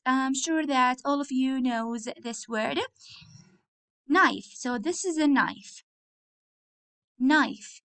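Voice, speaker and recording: Woman teacher, high voice, slow and patient, spells out words. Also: fairly bright tone. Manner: slow, clear, repetitive, spells words letter by letter. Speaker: English teacher. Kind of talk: recorded classroom lesson.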